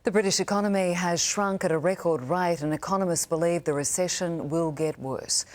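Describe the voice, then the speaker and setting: A woman presenting the news from the studio in a composed, steady read. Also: lowish voice, brisk. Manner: composed, steady newsreader delivery.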